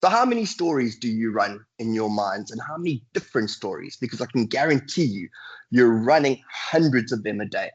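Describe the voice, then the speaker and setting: A man lecturing over a video call, his voice husky and a little breathy. The audio is dull and lo-fi. He talks earnestly and drops into sighing, weary inner voices to make his points. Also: medium pitch, sing-song, fairly quick. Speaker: guest lecturer. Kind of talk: webinar lecture.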